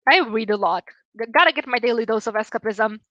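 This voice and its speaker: A woman's voice: fairly high pitch, expressive, quick pace, a bit bright, no room sound, muffled recording. A young woman from Romania with a Romanian accent, chatting casually with viewers on a stream, laughing often and swearing freely.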